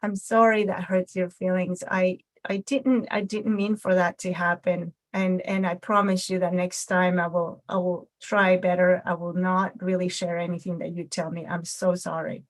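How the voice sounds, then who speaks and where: A woman voicing a male raccoon puppet in a lesson role-play, answering with quick, pushy retorts. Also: on the low side, level tone, natural voice. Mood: apologetic. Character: male raccoon puppet, brash then apologetic.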